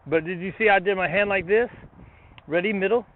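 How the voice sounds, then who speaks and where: A man training his dog outdoors, talking himself through it in a relaxed way between short commands to the dog. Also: high-pitched, fairly quick. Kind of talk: casual training explanation. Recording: tinny phone-like, noisy outdoors.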